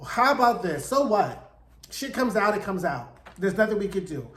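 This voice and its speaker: A defiant woman board chair, blunt and dismissive, who brushes things off in quick, clipped words, as a man recaps her. The room gives the voice a roomy echo. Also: high voice, very animated, fairly bright tone.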